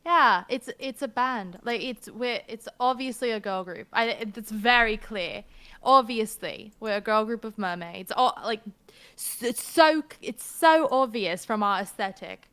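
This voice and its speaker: A cocky, foul-mouthed mermaid, put on by a woman running a tabletop game, pitched a touch high, her accent sliding between British, Australian and American. She is full of herself and quick to snap at anyone who questions her. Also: pushed and bright, smooth. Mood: sassy. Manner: brash, cursing, full of herself. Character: brash sassy female mermaid islander.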